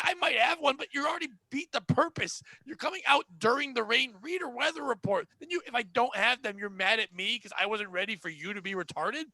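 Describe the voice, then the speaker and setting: A man's voice: very high-pitched, expressive, fast talker, few pauses, pushed and bright, no echo. A man from Connecticut hosting a podcast, ranting about retail customers in a profane, exasperated way. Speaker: podcast host. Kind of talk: casual ranting chat.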